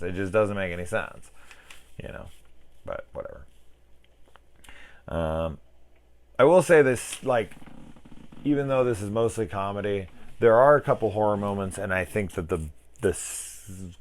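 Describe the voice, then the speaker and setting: A young man giving a casual, rambling film review, swearing freely and acting out the people he talks about. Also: low-pitched. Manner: rambling, profane, self-mocking, mimics people in quotes. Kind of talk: casual spoken movie review.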